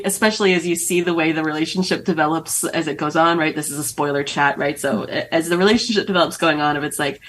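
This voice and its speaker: A woman's voice: fairly low pitch, fairly bright tone, slight background noise. A woman author as guest host on a podcast, chatting casually and laughing often as she talks. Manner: emotional, laughs often while talking.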